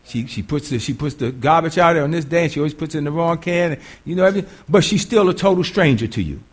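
A male preacher delivers a conversational sermon, stopping often to question his listeners. His voice is high for a man and swings widely in pitch. He often restarts and repeats his words as he talks it through. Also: animated, fast talker. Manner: conversational, quizzes the congregation, repeats himself.

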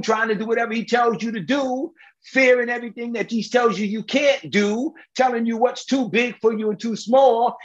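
A man's voice: extremely high pitch, lo-fi sound. A male preacher delivering an emphatic, colloquial sermon, firing rhetorical questions at the congregation.

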